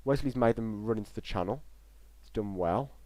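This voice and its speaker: A man's voice: on the low side, normal speed, a little mellow, no room sound. A young man giving live, chatty football reaction commentary on a stream, rambling between play calls and chat replies.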